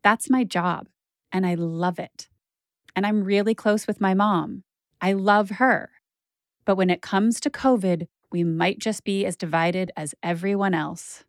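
A woman's voice: mid-range voice, fairly even intonation, measured pace, no room sound, studio quality. Candid woman narrating her own story. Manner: candid, conversational, peppered with "like". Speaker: podcast host and narrator.

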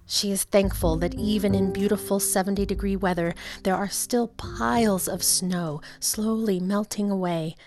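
A woman reading a short story aloud in calm, unhurried scripted narration. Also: medium pitch, soft background music. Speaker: story reader.

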